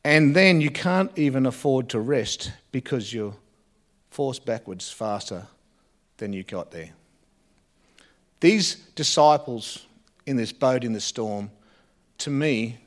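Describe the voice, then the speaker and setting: A man preaching a sermon, earnest, with frequent pauses and phrase endings that drop soft. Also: medium pitch. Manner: earnest, pausing often and dropping softly at phrase ends.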